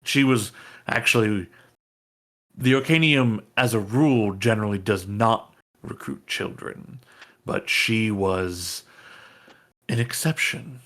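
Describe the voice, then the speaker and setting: A man's voice: on the low side, slow, fairly bright tone. A man voicing a former mage's apprentice who hedges constantly and keeps saying "I mean". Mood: evasive. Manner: hesitant, full of "I mean". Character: man, former student of a mage, evasive and rambling.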